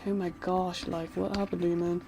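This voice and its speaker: A woman's voice: on the low side, little pitch movement, fairly quick, heavy background noise, close to an everyday voice. A woman doing an irritated bookish boy. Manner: irritated, dismissive. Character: annoyed, bookish young male swimmer.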